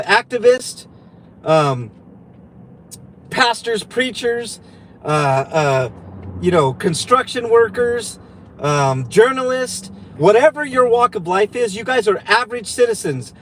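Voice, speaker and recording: A man's voice: high voice, a little hiss or hum, low-quality recording. An angry man livestreaming a sarcastic, swearing rant while driving his car, recorded on a phone in the car.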